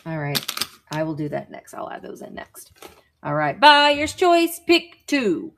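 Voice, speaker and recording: A woman's voice: sits low, sing-song, measured pace, gravelly, fairly bright tone. A woman selling vintage items in a live online auction, chatting playfully while she calls the lots.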